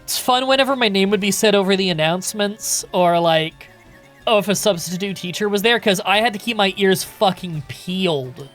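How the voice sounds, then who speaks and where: A man streaming a game live, chatting in a relaxed, casual way with some swearing as he answers chat questions. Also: high voice.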